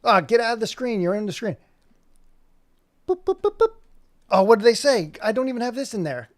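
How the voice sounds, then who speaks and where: A man's voice: high-pitched, expressive, quick pace, no echo, studio quality. Rambling man chatting on a livestream. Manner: rambling, talks to himself while working. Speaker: streamer making an animation. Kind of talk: casual livestream chat.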